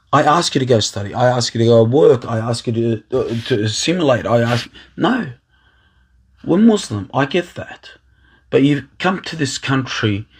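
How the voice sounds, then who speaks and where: Man, husky voice, impassioned rambling monologue, mid pitch. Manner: impassioned, rambling, restarts and repeats words. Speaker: aspiring political candidate. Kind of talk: emotional personal monologue.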